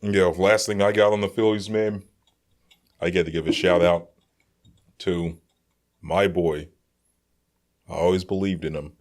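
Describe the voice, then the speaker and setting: A man co-hosting a casual sports podcast, telling animated stories full of "like" and "dude". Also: deep voice, unhurried, long pauses. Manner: animated storyteller, lots of "like" and "dude". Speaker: podcast co-host.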